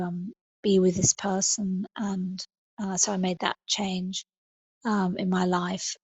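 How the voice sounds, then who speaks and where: A middle-aged woman, a podcast guest, talking in a thoughtful, halting way with many fillers and restarts. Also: mid-range voice, breathy edge, no echo. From England. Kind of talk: podcast interview.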